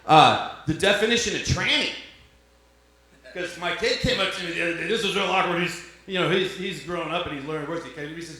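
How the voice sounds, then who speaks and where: A man's voice: on the high side, normal speed, creaky, sharp tone. A man doing a stand-up comedy set, crude and bantering, with self-deprecating asides to his puppet. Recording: echoey club with crowd noise.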